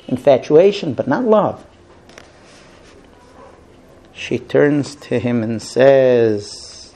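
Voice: mid-range voice, a little mellow. A teacher leading a text study, reading lines aloud, translating, then explaining.

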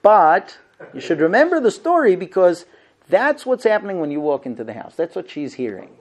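Animated male lecturer, lively pitch. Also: brisk. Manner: animated, acts out dialogues, rhetorical questions. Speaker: rabbi lecturing on marriage.

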